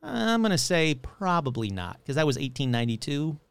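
Brief: lively male host spinning spooky tales, pitch jumping around, slightly high voice, dry close sound. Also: creaky, clean tone, dry recording. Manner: animated, jokey, quick asides. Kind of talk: casual paranormal storytelling.

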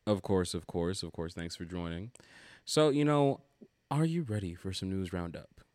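A man with a low voice hosts a casual podcast, chatting loosely and cursing now and then. The sound is dry, with little room around it. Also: lively intonation, darkish tone, dry recording. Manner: casual, swears freely, quick asides. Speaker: podcast host.

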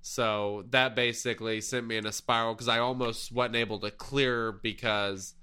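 A man hosting a casual gaming podcast, talking in a relaxed, rambling way with plenty of fillers. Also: medium pitch, normal speed, clear, resonant tone. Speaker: podcast host.

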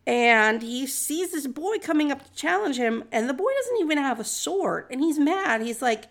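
A woman's voice: high voice, lively intonation, normal speed, gravelly. A woman retelling a story in a chatty, jokey, slangy way.

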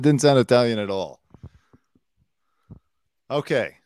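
A man's voice: deep voice, lively intonation, normal speed, dry recording. A man hosting a casual comedy podcast, joking and sarcastic, swearing freely. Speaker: podcast host. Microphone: desk mic with headphones.

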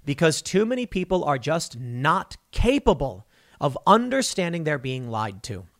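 A man in his thirties delivers opinionated online commentary at a rapid clip. His voice sits a little high for a man, and his tone is combative and sardonic throughout. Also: very animated, a bit bright. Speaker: political commentary host.

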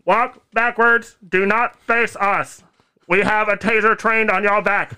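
A man's voice: high voice, steady tone, measured pace, pushed and bright, clear, resonant tone, voice pushed up, full character voice. A man mimicking a stern cop barking orders. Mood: commanding. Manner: clipped, commanding orders. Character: stern police officer barking orders at a driver.

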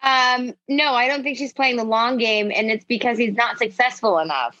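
A woman's voice: a little high, normal speed, bright, forceful tone, dry recording, dull audio. A woman co-hosting a casual recap podcast, talking bluntly and profanely and cracking jokes. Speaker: podcast co-host. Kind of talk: casual reality-TV recap chat.

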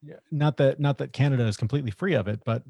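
A middle-aged man in casual podcast conversation, earnest and reflective, thinking aloud at a mid-range pitch. The sound is dry and close, with little room around it. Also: quick pace, vocal fry, dark tone, husky, dry recording. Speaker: podcast co-host.

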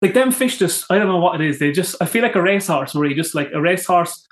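Irish guest, young and excitable, high-pitched with a roomy echo; a casual storyteller. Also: male voice, fast. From Ireland. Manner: excitable, tells stories with swearing and acted quotes. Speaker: podcast guest.

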